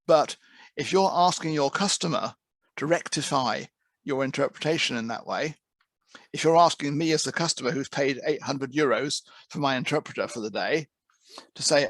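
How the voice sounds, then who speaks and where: In a medium-pitched, slightly bright voice and a brisk pace, the teacher in charge of an interpreting course addresses trainee interpreters conversationally. He often restarts thoughts by repeating words, and no room sound is audible.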